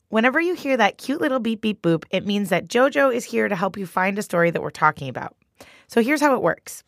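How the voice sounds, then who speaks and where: Host: woman, bubbly and playful news podcast voice, mid pitch, dry studio sound. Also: lively intonation, brisk, gravelly, no echo, soft background music. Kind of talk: upbeat news podcast hosting.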